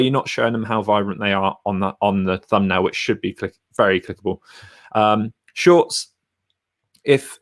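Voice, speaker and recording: Male YouTuber, lowish pitch, blunt chatty screen-share tutorial delivery. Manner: chatty and blunt, talks while clicking through screens. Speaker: YouTuber reviewing thumbnails.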